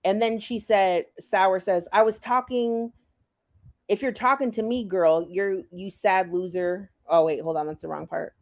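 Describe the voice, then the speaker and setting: A woman's voice: mid-range voice, fairly even intonation, a little slow. A woman on a commentary stream, reading chat messages aloud and swearing back at them indignantly. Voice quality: profane, indignant.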